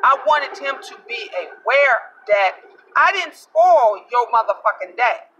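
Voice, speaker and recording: A woman with a high voice vents to her viewers in a blunt, cursing, emphatic way. She sits back from the mic inside a car. Loud vehicle noise runs under her voice. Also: lively intonation, slow pace, recorded from a distance, muffled recording. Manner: blunt, profane, emphatic, addresses viewers directly. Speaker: vlogger. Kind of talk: casual storytelling to camera.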